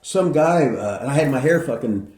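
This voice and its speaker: A man's voice: medium pitch, moderate pace, roomy sound. Older man rambling through profane stories. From Indiana, United States. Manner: rambling, heavy swearing, animated when telling stories. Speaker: podcast host, retired wrestler. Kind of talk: casual profane storytelling.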